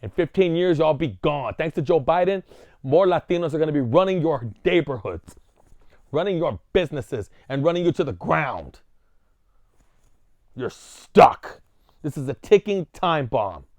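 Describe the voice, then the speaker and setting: High-voiced man ranting on a vlog. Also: lively intonation, moderate pace, a little mellow, no echo. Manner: provocative, repeats rhetorical questions. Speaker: vlogger. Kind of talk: ranting monologue.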